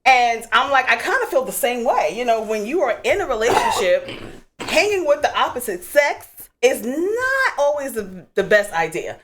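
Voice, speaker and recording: A woman hosting a call-in radio talk show, outspoken and animated, with lots of casual fillers. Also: on the high side, moderate pace, a little hiss or hum.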